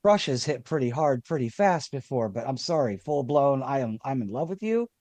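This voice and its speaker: A man's voice: mid-range voice, animated, normal speed, a little mellow, dry recording. A man co-hosting a casual livestream, joking around and laughing often as he reacts.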